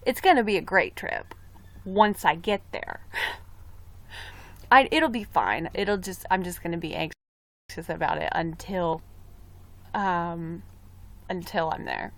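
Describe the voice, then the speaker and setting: A woman's voice: on the low side, animated, slow, pauses often. Chatty young woman on a live stream. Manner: chatty and rambling, reads viewer comments aloud. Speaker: livestreamer. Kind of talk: casual live-stream chat.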